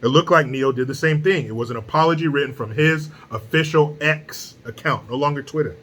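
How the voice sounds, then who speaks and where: Male commentary host, slightly high-pitched, bright and forceful, blunt and profane. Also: brisk. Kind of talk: casual opinion commentary.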